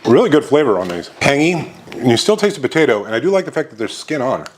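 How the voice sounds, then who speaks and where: A man's voice: mid-range voice, sing-song, fast, slight background noise. Upbeat man reviewing snacks. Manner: upbeat, enthusiastic snack tasting with frequent "uh" fillers. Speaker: host of a snack review show. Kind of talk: casual food review.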